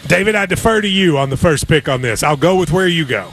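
Playful high-voiced radio host. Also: male voice, fast, faint music behind. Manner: wry, playful, lively banter. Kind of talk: casual sports betting chat.

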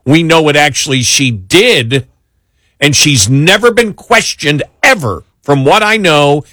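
A man hosting a political talk show, talking in an exasperated, animated way with many restarts. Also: on the high side, unhurried, dry recording, clean studio sound. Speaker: talk radio host.

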